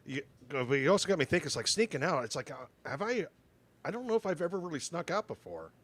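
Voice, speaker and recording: Soft-spoken, hesitant man chatting. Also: on the high side, very animated, fast talker, dry recording. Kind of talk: casual chat.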